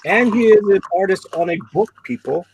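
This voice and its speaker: A man's voice: high voice, a little fast, creaky, darkish tone, slight background noise, poor audio. A man chatting on a livestream art auction as a bidder, eagerly talking up the artwork. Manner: enthusiastic, talks up the artwork. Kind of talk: casual livestream chat.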